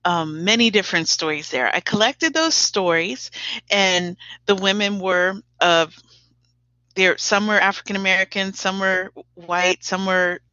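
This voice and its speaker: Slow-speaking bright woman guest. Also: medium pitch, dry recording. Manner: measured, laughs often. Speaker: teacher and playwright, guest. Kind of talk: conversational interview. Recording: dull dry lo-fi recording.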